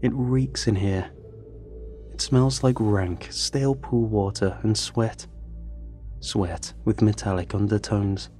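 A man reading a first-person story in a measured, tense storytelling manner. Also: on the low side, steady tone, dark tone, faint music behind. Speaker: narrator. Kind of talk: scripted first-person narration.

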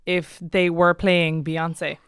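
A woman's voice: on the low side, little pitch movement, slow, clean tone, no room sound, clean studio sound. Wry chatty woman. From Ireland. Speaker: podcast co-host. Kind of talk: casual chat.

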